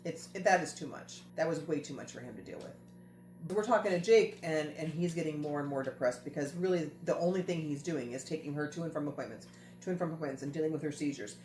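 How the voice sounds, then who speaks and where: A woman's voice: low voice, brisk, darkish tone, slight background noise. Earnest woman host in a roomy echo. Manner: earnest, repeats phrases for emphasis. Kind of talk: casual storytelling chat. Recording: roomy echo with faint music.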